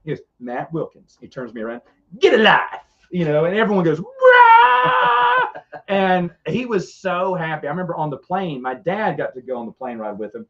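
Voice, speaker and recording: A middle-aged man telling rambling, animated stories as a podcast co-host in casual chat. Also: a little high, fairly quick. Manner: rambling, animated, frequent restarts. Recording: dull lo-fi sound.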